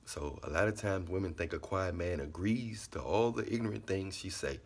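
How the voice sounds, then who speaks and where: Man, low husky voice, relaxed repetitive monologue. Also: normal speed. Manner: laid-back, repetitive, drops into quiet asides. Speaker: vlogger giving life commentary. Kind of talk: casual monologue.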